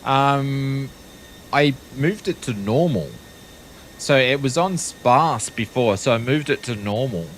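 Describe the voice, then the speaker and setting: A man's voice: mid-range voice, lively intonation, slow, slight background noise. A man with an Australian accent giving wry, casual commentary on a live stream, with frequent ums. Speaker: flight sim streamer.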